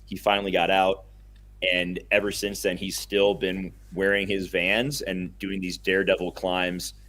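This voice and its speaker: A young man co-hosting a casual podcast, chatting enthusiastically and rambling a little, quick to laugh. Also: sits low, level tone, a bit bright. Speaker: podcast co-host.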